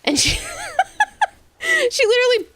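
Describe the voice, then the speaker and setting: A woman streaming a game, chatting casually and telling animated stories with lots of laughter. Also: very high-pitched, moderate pace, a little hiss or hum. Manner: giggly, animated storyteller. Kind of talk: casual chat while gaming.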